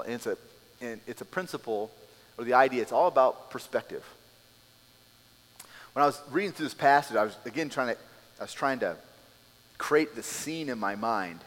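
A man preaching a sermon as a pastor, telling the scene in a lively way and acting out the people in it. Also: mid-range voice, long reverb tail. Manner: animated storytelling, acting out scenes.

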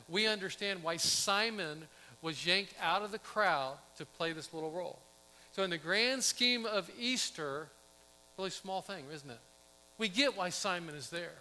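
Bright-voiced preacher in an echoing hall. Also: male voice, high-pitched. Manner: conversational, asks the congregation questions, acts out quotes. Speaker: pastor. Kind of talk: sermon.

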